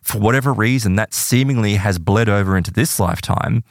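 A man casually telling a case story in conversation, animated and acting out the voices of people he quotes. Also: fairly quick, no echo, studio quality. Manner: animated, acts out quoted voices with big pitch jumps. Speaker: podcast guest telling case stories.

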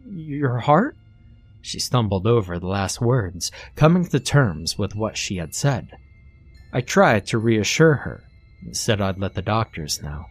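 A man narrating a horror story in a low, hushed delivery. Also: dry recording. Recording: faint music underneath.

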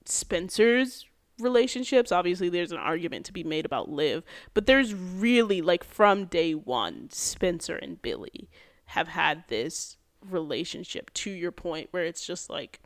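A woman hosting a podcast, recapping a TV episode in an animated, casual way with many fillers and quick bursts. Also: on the low side. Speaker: podcast host.

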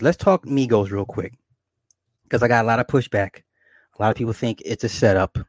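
A man rants to his viewers in a boastful, profane, joking way and keeps repeating his points. His voice sits at an ordinary middle pitch. The sound is dry, with no room in it. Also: a little fast, long pauses, dry recording. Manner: boastful, swearing, laughing often, repetitive. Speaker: vlogger. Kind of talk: profane comedic rant to viewers.

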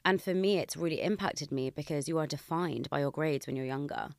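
A woman's voice: sits low, brisk, creaky, no echo, clean studio sound. A woman in her thirties hosting a podcast, talking in a reflective, self-questioning way in candid chat. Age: 30s. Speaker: podcast host.

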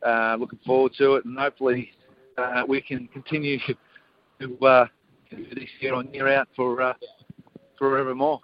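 A man's voice: medium pitch, level tone, normal speed, pauses often, lo-fi sound. A man speaking as a guest commentator in a casual radio interview, earnest and enthusiastic.

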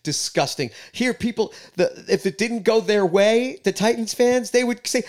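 Animated New guy telling stories. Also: high voice, moderate pace, few pauses. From New York. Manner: animated storyteller, loud and jokey. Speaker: band member guest. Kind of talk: casual podcast chat.

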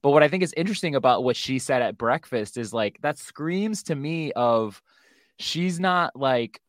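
Podcast cohost, middle pitch, dry close mic, joking around. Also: expressive, dry recording. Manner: quick joking asides. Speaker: podcast host. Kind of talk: casual chat.

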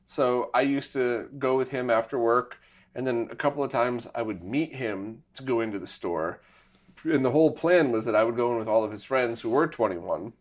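A middle-aged man telling a story in casual conversation, animated and laughing often. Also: mid-range voice.

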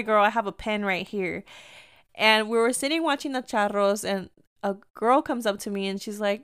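A woman's voice: medium pitch, fairly bright tone, clean tone. A young woman hosting a podcast, telling a casual story full of "like" and mixing English with Spanish. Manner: chatty, switching between English and Spanish, lots of "like". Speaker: podcast host.

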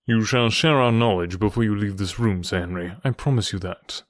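A man reading aloud and voicing a keen, confident middle-aged detective who speaks in a measured, pointed way. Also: no room sound, clean studio sound, close to an everyday voice. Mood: assured. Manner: measured, precise and pointed, voice dropped lower.

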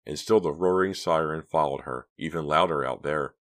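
A man narrating a suspense novel as an audiobook, reading in measured, suspenseful short phrases. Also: a bass voice, fairly bright tone.

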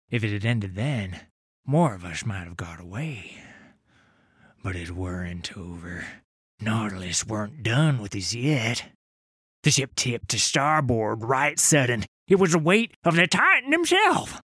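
A grizzled old sailor spinning yarns. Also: male voice, mid-range voice, a bit bright, dry recording, clean studio sound. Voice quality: rough dockside sailor dialect, dramatic whispers and roars. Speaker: tavern storyteller. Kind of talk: dramatic audio story narration.

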